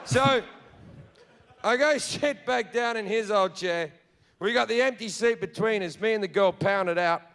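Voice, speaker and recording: An Australian man doing profane, animated stand-up storytelling on a theatre stage. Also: sits high, a little slow. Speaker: stand-up comedian.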